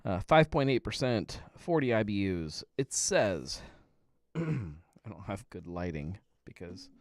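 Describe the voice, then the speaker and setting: A man's voice: mid-range voice, vocal fry, darkish tone, no room sound, clean studio sound. A man in his thirties hosting a casual live happy-hour show from home, rambling in a laid-back way and chuckling often. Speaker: podcast host. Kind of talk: casual live-stream chat.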